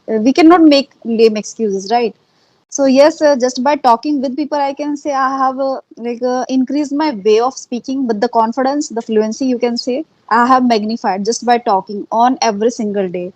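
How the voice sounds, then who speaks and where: A woman's voice: a little high, darkish tone, dry recording, low-quality recording. A woman with an Indian accent, talking earnestly in a casual interview, often repeating herself and using fillers. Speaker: interviewee, English learner. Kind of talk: casual conversation.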